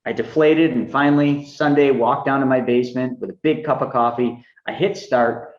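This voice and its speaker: A man's voice: medium pitch, moderate pace. A man in the middle of his range speaks as a podcast guest, full of energy and throwing himself into retelling conversations. His voice carries a roomy echo, and the sound is a little dull and lo-fi. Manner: energetic, acts out quoted dialogue in a raised voice. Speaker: guest, money mentor. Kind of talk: animated storytelling interview.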